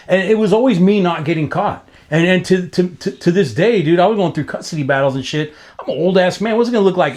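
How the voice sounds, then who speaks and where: A man in his fifties from Los Angeles, telling stories in a loose, casual interview. His voice sits a bit high, and it leaps higher whenever he gets worked up. He talks in a profane, slang-heavy ramble full of restarts. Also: fast talker, few pauses. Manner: animated, pitch jumps up when excited. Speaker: graffiti writer being interviewed.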